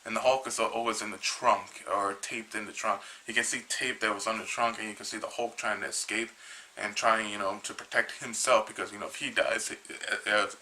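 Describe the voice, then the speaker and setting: A man casually retelling a comic book's story, rambling and halting with many restarts, a little tired. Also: fairly low pitch, steady tone, bright, forceful tone, slight background noise, low-quality recording. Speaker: comic book reviewer.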